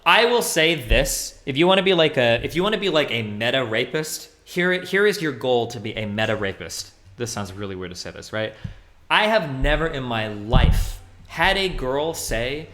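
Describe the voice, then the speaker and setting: A man's voice: medium pitch, big pitch swings, moderate pace, pushed and bright. A male streamer giving casual livestream commentary, talking bluntly and profanely in a rambling way with many fillers.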